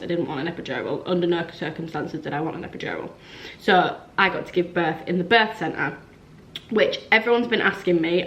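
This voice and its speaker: A woman's voice: on the low side, a bit bright, dull audio, slight background noise. A young woman telling a long personal story in a chatty vlog style, full of "like" and acted-out quotes. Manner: chatty, frequent "like", acts out quoted dialogue. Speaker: vlogger. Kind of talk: casual storytelling to camera.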